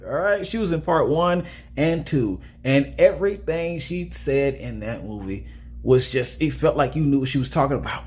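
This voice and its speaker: A man's voice: medium pitch, big pitch swings, a little fast. A man casually talking through a movie review in a chatty way, often checking in with "all right?".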